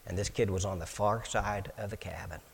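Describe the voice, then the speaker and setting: A man with a fairly low voice shares his life testimony in a homespun, storytelling way. He restarts and repeats words as he goes and slips into the voices of the people he quotes. His words ring out with a long reverb, as in a large hall. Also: fairly quick, creaky, slight background noise. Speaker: speaker giving his testimony.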